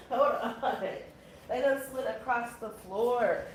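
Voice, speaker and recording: A woman's voice: fairly high pitch, takes it slowly, a little hiss or hum. A woman giving a casual tarot reading, blunt and chatty with exasperated asides. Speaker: tarot reader.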